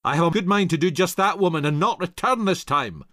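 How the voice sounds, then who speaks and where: A man's voice: mid-range voice, sing-song, a little slow, fairly bright tone, no room sound, clean studio sound. A man voicing a contemptuous fortune-chasing father who talks harshly and barks his orders. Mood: angry. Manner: harsh, barking.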